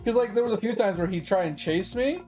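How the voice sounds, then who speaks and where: A man's voice: high voice, fast talker, darkish tone, soft background music. A man streaming games, telling a long rambling story from his childhood with lots of swearing and laughter. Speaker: gaming streamer. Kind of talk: casual storytelling on a game stream.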